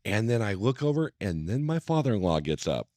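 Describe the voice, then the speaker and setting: Lively, swearing man telling a story. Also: fairly low pitch, a little fast, no echo, studio quality. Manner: animated storyteller, swears a lot, acts out quotes. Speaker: podcast co-host. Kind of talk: casual storytelling chat. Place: cigar lounge.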